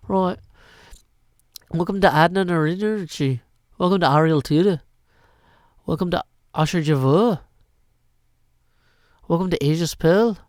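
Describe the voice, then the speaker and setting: A man's voice: a little high, darkish tone, no echo. A man from Tennessee with a Southern twang, greeting viewers on a livestream in a playful tone and sliding into sing-song rhymes. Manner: slow, playful, drifts into sing-song rhyming verse. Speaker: livestreaming gamer. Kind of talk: casual livestream chat.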